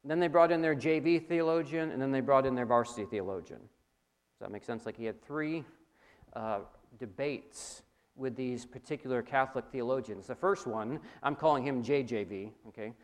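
A man preaching a sermon, talking straight to his audience with animated emphasis. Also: medium pitch, normal speed. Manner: animated, rising emphasis, addresses audience directly. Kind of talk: sermon lecture.

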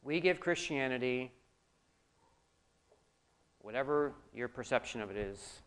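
A man preaching a sermon as a pastor, animated, swinging between loud emphasis and quiet asides. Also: medium pitch, unhurried, clear, resonant tone.

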